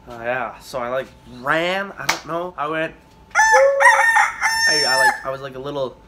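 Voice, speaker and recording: A man's voice: a little high, huge pitch swings, very noisy. A young man telling casual stories on his vlog, rambling and swearing, with lots of fillers and restarts. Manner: rambling, profane, halting with many fillers. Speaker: vlogger.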